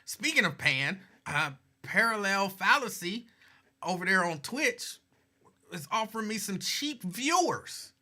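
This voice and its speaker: A man's voice: high-pitched, sing-song, measured pace. A man hosting a live talk stream, chatting casually and reading viewer comments aloud in a laid-back, way. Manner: laid-back, chatty, signs off with warm advice.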